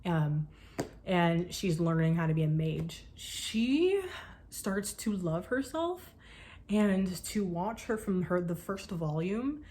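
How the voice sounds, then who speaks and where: A young woman talking casually to camera about books she loves, gushing and animated, with the odd swear word. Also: medium pitch, normal speed, a little hiss or hum. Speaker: book vlogger. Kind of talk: casual chat.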